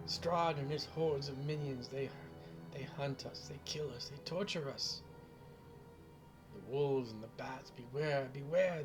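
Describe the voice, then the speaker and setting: A man's voice: on the high side, voice pushed up. A man voicing a frail old mother, half-mad with grief, who wails and repeats her words in despair.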